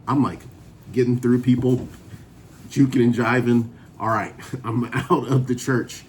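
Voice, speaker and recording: A man telling his personal testimony in a relaxed, chatty way, often laughing as he goes. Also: medium pitch, unhurried, slight background noise. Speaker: vlogger sharing a sobriety testimony. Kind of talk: casual personal storytelling.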